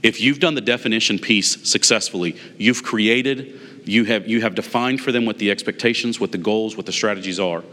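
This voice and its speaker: A man's voice: on the low side, a little fast, bright, forceful tone, in a large hall. A man giving a conversational leadership lesson to managers, telling a personal story and acting out bits of dialogue with emphasis. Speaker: management trainer.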